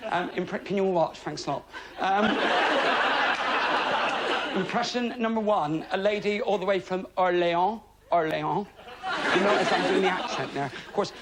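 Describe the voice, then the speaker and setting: High-voiced English comic working a crowd. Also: male voice. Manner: chatty, self-mocking, deadpan asides to the crowd. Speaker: stand-up comedian. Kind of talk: stand-up comedy routine. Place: TV studio before a live audience. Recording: loud studio audience laughter and noise.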